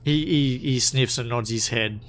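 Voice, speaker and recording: A man narrates a tabletop game as game master, stumbling over his words as he goes. His pitch sits in a middle range. He sounds relaxed and chatty. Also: unhurried, a little hiss or hum. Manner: casual, many restarts and fillers.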